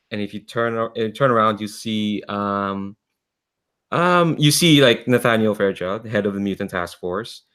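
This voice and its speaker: A man running a tabletop game as game master, speaking in a somewhat low voice. He feels his way through each scene with frequent ums and restarts. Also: normal speed, a bit bright. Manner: hesitant, full of ums and restarts.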